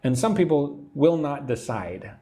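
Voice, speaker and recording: A man's voice: a little high, lively intonation, a little slow, warm tone. American male English teacher, live-stream lesson, patient explainer, often adds "right?". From Texas, USA. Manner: patient explaining, reads viewer comments aloud, tag "right?" often.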